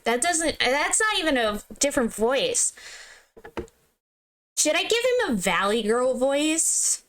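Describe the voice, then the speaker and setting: A young woman chatting casually over a game, giggly and playfully dramatic. Her voice is smooth and a little high, and she talks at an unhurried pace. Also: sing-song, fairly bright tone. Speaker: game streamer. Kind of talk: casual let's-play commentary.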